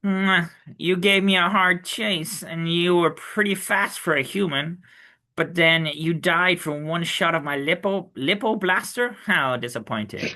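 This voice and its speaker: A man voicing a smug male fish-man pirate gunner, reading in a slow, drawn-out, mocking way. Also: high-pitched, bright, forceful tone.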